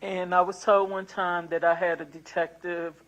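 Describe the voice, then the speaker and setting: A woman in her sixties, a prospective juror, answering questions in a courtroom in an earnest, soft-spoken, apologetic way. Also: on the low side, level tone, moderate pace, lo-fi sound. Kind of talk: answering jury selection questions.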